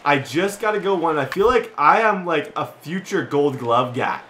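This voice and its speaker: A man's voice: fairly high pitch, lively intonation, moderate pace, a bit bright, a little hiss or hum. A young man casually commenting on his own video game play, chatty and self-mocking, with lots of filler words. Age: young adult. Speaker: gaming YouTuber.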